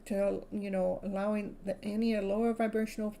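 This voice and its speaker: A woman's voice: medium pitch, little pitch movement, moderate pace, creaky, warm tone, a little hiss or hum, rough recording. A woman from California giving a live-stream tarot reading, speaking in soothing spiritual affirmations and laughing often. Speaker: tarot reader.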